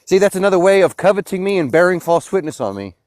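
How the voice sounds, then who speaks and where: A man's voice: high-pitched, very animated, fast talker, no echo, clean studio sound. A man arguing his faith in a heated live-stream debate, insistent and preachy. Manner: insistent and preachy, rising to loud outbursts. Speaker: Christian caller in a debate.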